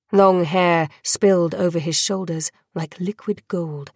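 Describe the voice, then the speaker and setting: A woman reading a dark fantasy audiobook in a measured, dramatic narrating style. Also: lowish voice, breathy edge, no echo, clean studio sound. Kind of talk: scripted narration.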